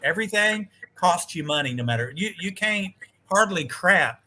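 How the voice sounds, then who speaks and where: A man chatting as a guest on a live stream over a video call, telling animated stories, acting out quoted dialogue and swearing mildly. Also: high voice, normal speed. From United States. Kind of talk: casual chat.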